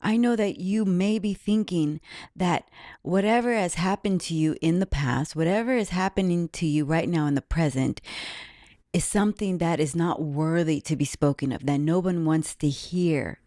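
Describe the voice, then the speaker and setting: A woman's voice: lowish voice, moderate pace, dark tone, no room sound, clean studio sound. A woman podcast host giving an earnest, reflective, faith-based talk about her own life.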